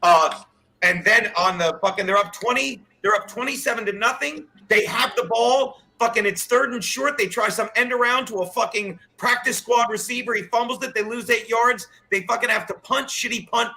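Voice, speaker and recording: A man guest on a casual podcast, rambling and swearing, getting loud when worked up, calling in remotely from home. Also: high voice, brisk, low-quality recording. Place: at home, says he is in the shower.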